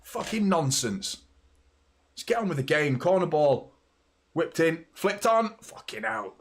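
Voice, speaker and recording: A man's voice: fairly high pitch, expressive, measured pace, slight background noise. Chatty man reacting to a match. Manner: chatty, swears, reacts loudly to play. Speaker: host of a football watchalong. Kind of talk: live match watchalong commentary.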